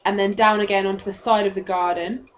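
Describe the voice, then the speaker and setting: A woman's voice: mid-range voice, fairly even intonation, fast talker, slight background noise. A woman as game master, narrating scenes in a descriptive, matter-of-fact way.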